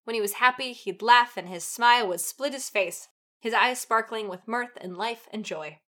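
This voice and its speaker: A woman's voice: a little high, moderate pace, bright, forceful tone. A woman co-hosting a comedy podcast, reading fan fiction aloud with dramatic flair and frequent giggles. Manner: giggly, breaks into laughter and off-key singing.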